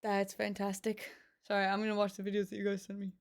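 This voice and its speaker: A woman's voice: mid-range voice, completely flat delivery, fast. A woman livestreamer chatting casually with her viewers while reacting to pet videos, rambling with lots of fillers and cooing over the animals.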